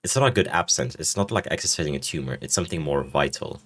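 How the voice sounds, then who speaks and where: A man's voice: rumbling low, quick pace, fairly bright tone. A man reading the lines of a teasing, blunt young woman with a bare skull for a face, from a story game. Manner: teasing, blunt, swears casually. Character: faceless skeletal young woman, teasing, forward.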